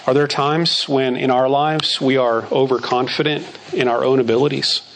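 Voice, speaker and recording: A man's voice: medium pitch, fairly even intonation, normal speed, a bit bright, a little hiss or hum. A man preaching a sermon who reads scripture verses aloud and repeats phrases for emphasis.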